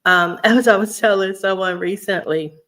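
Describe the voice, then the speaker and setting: A woman's voice: mid-range voice, normal speed, a bit bright. A woman from Houston, chatting casually to her viewers and laughing often. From Houston, Texas. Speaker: vlogger.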